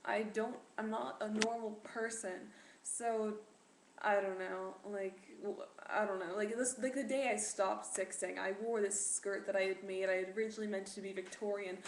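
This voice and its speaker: A teenage girl chats to her camera, rambling through fillers and restarts with self-deprecating humor. Her voice sits at a middle pitch. The room rings with echo and a faint hiss hums beneath her. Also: fairly even intonation, normal speed. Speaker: vlogger. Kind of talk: casual chat to camera. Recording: echoey room with faint noise.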